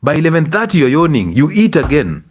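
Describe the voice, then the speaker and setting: A middle-aged man with a Kenyan English accent, a doctor giving a lively health lecture to an audience and scolding them with rhetorical questions. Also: a little high, quick pace, husky.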